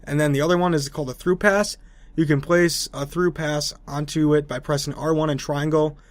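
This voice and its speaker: A man's voice: fairly high pitch, steady tone, a little fast, no room sound. A young man hosting casual gaming news commentary, chatty and opinionated with sarcastic asides.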